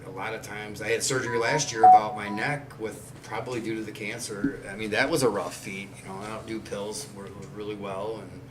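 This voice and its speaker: Brisk and barely pausing, a man in his forties speaks on the low side with fairly even intonation as he hosts a podcast. He's blunt, swears heavily, and rambles loosely in casual chat. The recording is very noisy, roomy and distant, with faint ambience.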